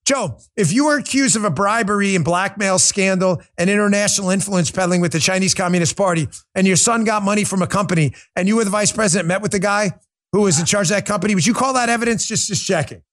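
Emphatic high-voiced male talk host. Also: quick pace. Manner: animated, emphatic, rising to near shouting; conversational ad read. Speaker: political talk show host. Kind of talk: live political talk and ad reads.

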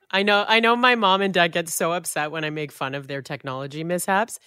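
A woman's voice: on the low side, normal speed, pushed and bright, clean tone, no room sound, clean studio sound. A young adult woman co-hosting a podcast in casual chat, light and friendly. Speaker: podcast co-host.

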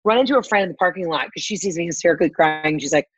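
A woman's voice: medium pitch, lively intonation, racing, hardly any pauses, slightly rough, dry recording, lo-fi sound. A woman on a casual podcast who tells profane, brash stories and acts out what people said. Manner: profane, brash storytelling with acted quotes.

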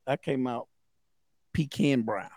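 A man's voice: mid-range voice, takes it slowly, darkish tone, dry recording, clean studio sound. A man from the American South, co-hosting a podcast in loose, rambling, jokey casual chat. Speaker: podcast co-host.

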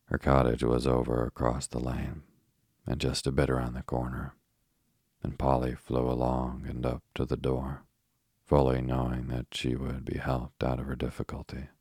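A man narrating a children's storybook in a steady, measured reading. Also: extremely low pitch, gravelly, husky, dry recording, studio quality. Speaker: audiobook narrator.

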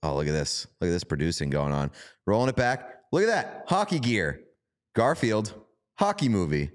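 A man co-hosting a sports podcast in relaxed conversation. His voice is very low and smooth, with a clean, resonant tone. He delivers his lines with dry, easygoing humor. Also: moderate pace. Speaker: podcast co-host. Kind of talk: casual chat.

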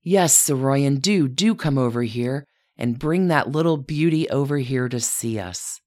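A tiny, bony old baroness with a birdlike, fussy manner, read by a woman narrator. She coaxes in a quiet, peeping way. The voice sits very low. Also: lively intonation, measured pace. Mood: coaxing. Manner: peeping, coaxing.

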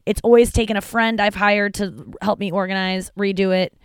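This woman, a podcast host and stand-up comedian, speaks in a mid-range voice at a moderate pace with a steady tone. The audio is clean with no echo. Her candid monologue is frank, emotional, rambling and profane, and at times she sounds close to tears.

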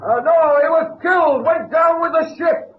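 An actor playing an eager, nervous young British ship's officer in an old radio drama. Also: male voice, sits high, big pitch swings, moderate pace, slight background noise. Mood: shouting. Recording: dull old radio broadcast.

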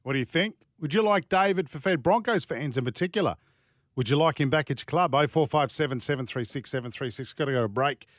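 A man hosting a sports radio show, brisk and keeping things moving. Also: on the high side, animated, no echo, studio quality. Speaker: radio host. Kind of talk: casual sports radio chat.

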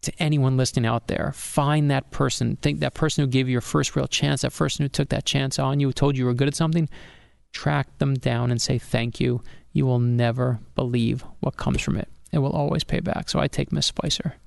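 Gravelly-voiced man telling a story. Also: medium pitch, fairly quick, no room sound, studio quality. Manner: animated storyteller, acts out dialogue. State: getting emotional. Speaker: author and guest. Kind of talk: storytelling in an interview.

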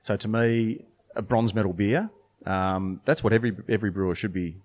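A man's voice: lowish voice, fairly even intonation, a little fast. A man, a brewer and beer judge, chatting casually on a podcast with many restarts and fillers.

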